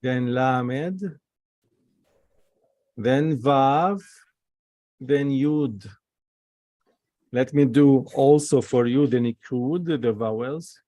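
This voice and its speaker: A man teaching an online Hebrew class, taking his time as he names each letter and vowel mark. His voice is dry and close on a video-call mic, and his pace is slow and careful. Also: mid-range voice, dark tone, no echo. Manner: patient, spells out letters slowly.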